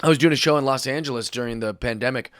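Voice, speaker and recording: A man hosting his podcast, ranting in a comic, sarcastic way and climbing to loud mock outrage. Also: mid-range voice, racing, clean tone, no room sound, studio quality. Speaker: podcast host. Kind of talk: comedic rant.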